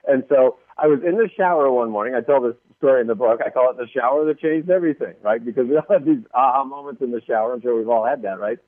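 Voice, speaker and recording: Man, guest author, quick lively talker, tinny dry phone-line sound. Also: medium pitch, dry recording. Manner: lively, acts out quoted voices, laughs often. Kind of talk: animated interview storytelling.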